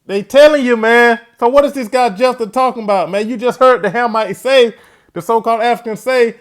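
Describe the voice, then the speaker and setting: A man's voice: very high voice, fairly quick. A man hosting a religious commentary show, speaking in a preachy way and ending his phrases with "man". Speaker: host.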